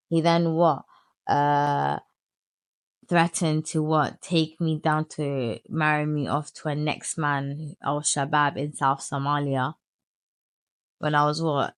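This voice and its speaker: Woman in her 30s, low gravelly voice, swears a lot telling her story. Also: no room sound. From United Kingdom. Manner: blunt, swears freely, animated retelling. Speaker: vlogger. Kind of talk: storytime vlog.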